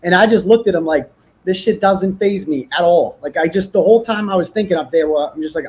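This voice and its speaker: High-voiced man telling stories, profane. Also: fairly quick, slightly rough. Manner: profane, animated storytelling. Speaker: interview guest. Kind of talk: casual interview.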